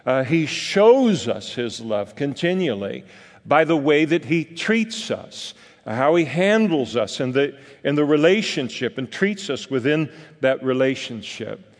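An older man from California gives a sermon in a relaxed, folksy way. He wanders through his story and fills it with small pauses and asides. His voice sits at an ordinary pitch and carries a long reverb from the hall. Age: 60s. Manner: folksy, rambling storytelling with many fillers. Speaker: pastor.

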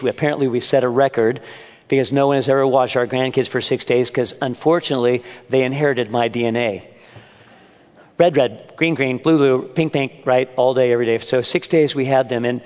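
An older man gives a sermon at church with a mid-range voice. He speaks earnestly and slips into lighthearted storytelling. His words carry a long reverb, as if spoken in a large hall. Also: mid-range voice. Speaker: preacher at a men's church gathering. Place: church meeting room.

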